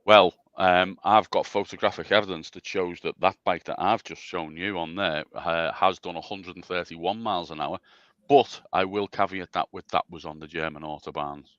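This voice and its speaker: A man with a very low voice talks at length in a loose, rambling way, often restarting his sentences. He sounds dry and a little muffled. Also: steady tone, moderate pace, fairly bright tone, no echo. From England. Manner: rambling, self-deprecating, stammering restarts. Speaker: special guest. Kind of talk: casual chat on a livestream.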